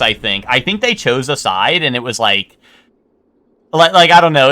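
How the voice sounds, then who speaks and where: Very animated and slightly fast, a man with a medium-pitched, sharp-toned voice streams a game while chatting casually. He rambles, keeps correcting himself and teases his chat with playful arguments.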